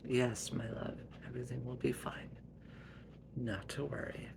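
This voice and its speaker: A wise older mother in a homemade story, soothing and reassuring, with a soft, slow delivery, as a man voices her close to his own voice. She often drops to a hushed near-whisper. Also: medium pitch, fairly even intonation, background noise, close to an everyday voice.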